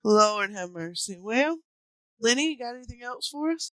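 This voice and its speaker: A woman's voice: fairly high pitch, expressive, normal speed, a bit bright, dry recording. Chatty woman podcast host. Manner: loose, chatty, lots of fillers and laughs. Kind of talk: casual podcast chat.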